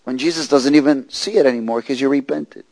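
A man preaching and telling his testimony, moving from loud preaching to hushed storytelling. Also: mid-range voice, brisk, creaky, no room sound, poor audio.

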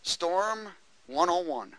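A man preaching a lively sermon, laughing often and tossing questions to the congregation. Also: sits high, takes it slowly, low-quality recording.

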